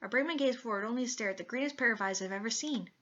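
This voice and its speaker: A woman hosting a let's play, reading a visual novel aloud with expressive, giggly asides. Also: on the high side, very fast. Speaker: let's play host reading a dating sim. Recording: slightly muffled, faint music behind.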